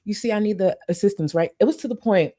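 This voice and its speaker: A woman's voice: medium pitch, quick pace, dark tone. A young woman hosting a casual commentary livestream, chatting and reading out supporter messages. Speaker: livestream host.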